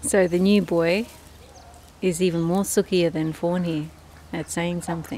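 In a backyard, a woman from Australia films her ducks and chats to them warmly and casually. She talks a little slowly, her voice on the low side with a dark, steady tone; faint outdoor noise runs underneath.

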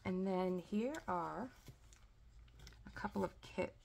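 A woman's voice: lowish voice, slow pace, vocal fry, a little mellow, slight background noise. A woman chatting casually through a sticker haul unboxing, gushing and talkative, with frequent "like" and "oh". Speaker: planner and sticker vlogger.

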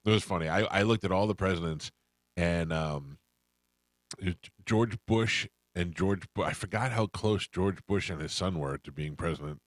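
A middle-aged man hosting a radio show speaks in a low voice at normal speed, with no room sound. In casual storytelling chat, he rambles through anecdotes and acts out the voices of the people in them.

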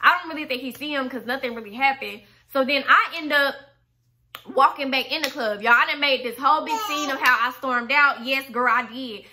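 Young woman, storytime vlogger, high and piercingly bright voice, animated and foul-mouthed, casual slang delivery. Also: brisk, a little hiss or hum. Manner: animated, swearing, slangy, retells her own angry lines.

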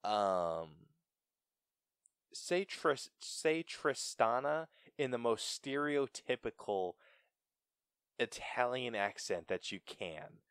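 Animated young man reviewing a film. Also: mid-range voice, slow, clear, resonant tone, dry recording, clean studio sound. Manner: animated, stumbles and laughs often. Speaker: podcast co-host. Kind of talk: casual film review chat.

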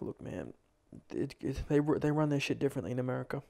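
A man's voice: mid-range voice, animated, vocal fry, dark tone. Blunt sarcastic Australian man. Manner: blunt, sarcastic, quick asides. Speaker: music review co-host. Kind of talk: casual reaction chat.

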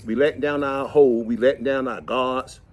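A middle-aged man, chatting and telling folksy, animated stories to the camera outdoors while cleaning fish. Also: medium pitch, a little fast. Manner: folksy, animated, preachy asides. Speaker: vlog host. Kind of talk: casual storytelling chat.

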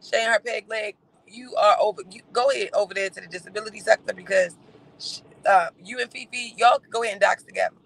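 A man doing livestream gossip commentary in a sassy, campy, teasing way, with drawn-out exclamations and laughter. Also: high voice, steady tone, creaky, fairly bright tone, slight background noise, low-quality recording.

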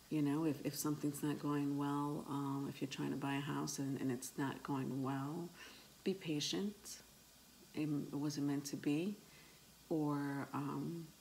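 A woman with a low voice and a slow, unhurried pace gives a tarot reading to her viewers. She hesitates often, filling gaps with ums, and calls her listeners "my love". A faint noise sits behind her voice. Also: a little mellow, rough recording. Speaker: tarot reader.

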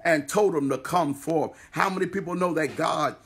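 A man's voice: a little high, normal speed, husky. A male pastor preaching a sermon, building repeated refrains and calling on listeners to speak along.

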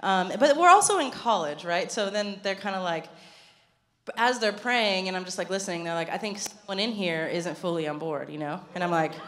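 A woman's voice: fairly low pitch, expressive, normal speed, fairly bright tone. A young adult woman preaching a conversational sermon in a church, chatty and self-deprecating, laughing often. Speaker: pastor. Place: church sanctuary.

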